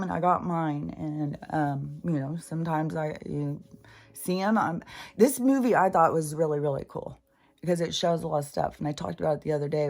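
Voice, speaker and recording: An older woman talking in a rambling, profane, casual monologue as a spiritual channeler. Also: low voice.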